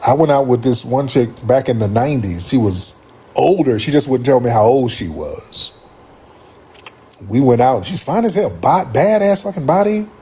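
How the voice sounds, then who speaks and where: A middle-aged man spins a casual comic tale on a livestream, cursing freely and doubling back on his words. His voice has a husky grain, and his pitch leaps around with lively energy as he tells it. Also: normal speed. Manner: animated, profane, rambling with restarts. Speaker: livestream host.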